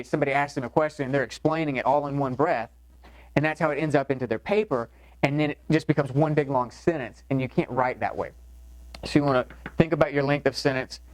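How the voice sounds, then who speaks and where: A man's voice: medium pitch, no echo, low-quality recording. A man teaching a recorded college writing lecture in a loose, conversational way, with frequent fillers and restarts. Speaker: course instructor.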